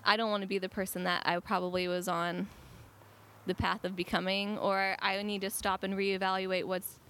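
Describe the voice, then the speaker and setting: A woman's voice: mid-range voice, flat delivery, normal speed, a bit bright. A young woman chatting casually as a guest, laughing often and filling her talk with "like". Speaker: guest, cafe team member. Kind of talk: casual conversation.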